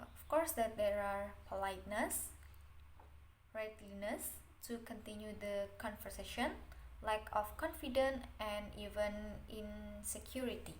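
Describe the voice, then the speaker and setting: A woman's voice: medium pitch, a little hiss or hum, rough recording. A young woman giving a class presentation on intonation, reading from notes with frequent fillers. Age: young adult. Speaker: student presenter.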